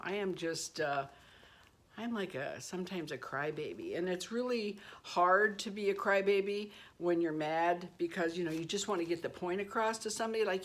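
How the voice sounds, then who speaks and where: A woman in her sixties chatting casually on her vlog, self-deprecating and quick to laugh at herself, telling stories with playful asides. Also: on the low side. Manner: warm storytelling with playful asides. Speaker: beauty vlogger. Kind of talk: casual personal vlog chat.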